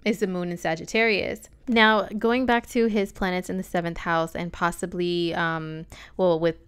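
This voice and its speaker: A woman's voice: lowish voice, fairly even intonation, normal speed, a bit bright, smooth. A woman talking casually on a vlog, giving a chatty, sassy astrology reading full of slangy asides.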